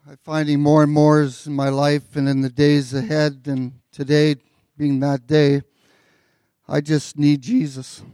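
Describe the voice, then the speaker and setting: A pastor giving a sermon in a relaxed, conversational way, with filler words and joking asides, as he reads and explains scripture. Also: on the high side, a little slow, dry recording, clean studio sound.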